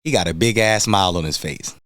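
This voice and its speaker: A man's voice: deep voice, quick pace, fairly bright tone, no echo, clean studio sound. A man telling a casual story in slang, animatedly quoting his friends. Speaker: storyteller host.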